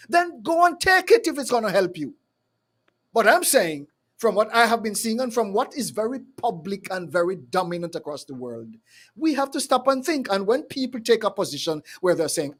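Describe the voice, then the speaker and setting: A man's voice: extremely high pitch, fairly bright tone. A man hosting a live call-in show, talking with fiery passion and stumbling over repeated words. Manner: fiery, repetitive, stumbling restarts. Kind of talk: impassioned call-in commentary.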